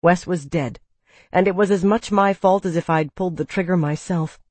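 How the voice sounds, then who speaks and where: An audiobook reader narrating a story in the first person, calm and steady. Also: mid-range voice, normal speed, no room sound.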